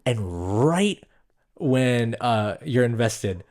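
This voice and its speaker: Lively young man reviewing a film. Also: medium pitch, drawn-out words. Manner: animated, acts out movie quotes. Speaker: podcast co-host. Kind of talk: casual film review chat.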